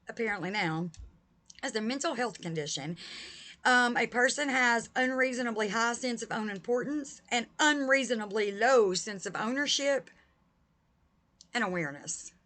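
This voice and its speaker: A woman's voice: fairly high pitch, sharp tone. A woman talking to camera in a vlog, emphatic and heated, addressing her viewers directly. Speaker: vlogger.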